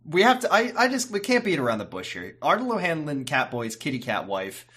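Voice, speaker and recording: A man co-hosting a podcast, chatting about a TV episode in a rambling, halting way with wry asides. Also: a little high, wildly swooping pitch, fairly bright tone, husky. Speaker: podcast co-host. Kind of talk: casual chat recapping a TV episode.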